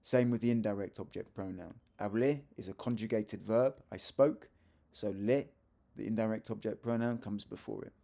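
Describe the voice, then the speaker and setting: Gravelly, mellow male language teacher. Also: fairly low pitch, steady tone, moderate pace, hardly any pauses. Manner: chatty, self-correcting teacher with asides. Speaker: Spanish teacher. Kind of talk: video lesson explaining grammar.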